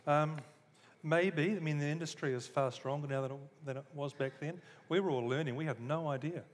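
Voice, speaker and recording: A man's voice: a little high, brisk, big-room sound. A man with a New Zealand accent answers thoughtfully and hesitantly on a panel. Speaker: author on a panel. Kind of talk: panel discussion. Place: museum hall.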